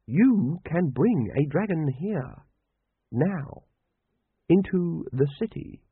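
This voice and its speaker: A man voicing a scheming male cult leader who talks slowly and smoothly, bending others to his plan. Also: fairly high pitch, expressive, dry recording, voice pushed up, full character voice. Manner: slow, smooth, manipulative. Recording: dry, tinny, phone-like sound.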